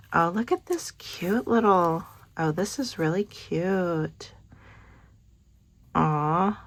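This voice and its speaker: A woman, hosting a casual craft unboxing vlog, gushing over each item with soft asides. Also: on the low side, vocal fry. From Kentucky. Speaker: craft channel host.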